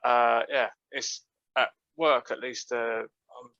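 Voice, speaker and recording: A man's voice: medium pitch, fairly even intonation, slow, sharp tone, dry recording. A man co-hosting a podcast, chatting in a laid-back way about his work. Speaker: podcast co-host. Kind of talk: casual chat. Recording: dull lo-fi remote line.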